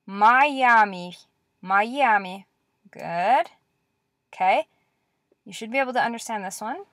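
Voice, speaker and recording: Dry-sounding woman teaching slowly. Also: fairly high pitch, animated, fairly bright tone, dry recording. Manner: slow, clear drilling with repeated words; patient, encouraging. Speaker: language teacher. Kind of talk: lecture-style language lesson.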